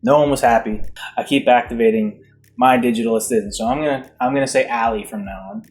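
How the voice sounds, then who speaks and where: A man's voice: mid-range voice, steady tone, fast. Guy rambling through a funny story, self-mocking, bit of music under it. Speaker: vlogger. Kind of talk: casual comic storytelling.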